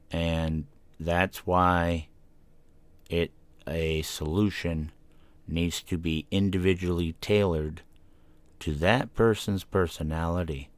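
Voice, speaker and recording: A man's voice: low voice, no echo. A man hosting his own podcast at home, talking casually and thinking aloud, sometimes chatting to his cat. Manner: rambling, self-reflective, talks to his cat. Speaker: podcast host. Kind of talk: casual solo podcast talk. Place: home room. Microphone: desk microphone.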